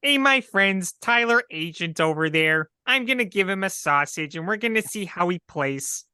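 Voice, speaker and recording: A man putting on a loud, jokey sports-fan voice. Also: sits high, animated, moderate pace, clean tone, dry recording, studio quality, voice pushed up, heavily acted. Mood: joking.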